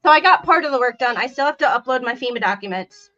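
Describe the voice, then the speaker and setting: A woman's voice: high voice, animated, fast talker, sharp tone, muffled recording. A woman hosting a casual livestream chat from home, talking loosely and laughing between remarks. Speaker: host.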